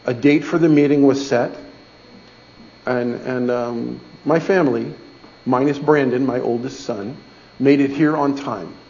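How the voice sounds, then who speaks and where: Middle-aged man, gravelly voice, folksy church testimony, dull lo-fi recording. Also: medium pitch, a little slow, a little mellow, a little hiss or hum. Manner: folksy, conversational, asks "okay?" often. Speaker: speaker giving a testimony in church. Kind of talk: storytelling sermon.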